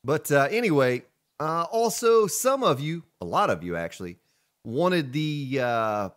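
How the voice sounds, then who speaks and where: A man's voice: on the high side, big pitch swings, unhurried. A man hosting a let's play, chatting casually in a folksy, playful way while he plays. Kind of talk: casual gameplay commentary.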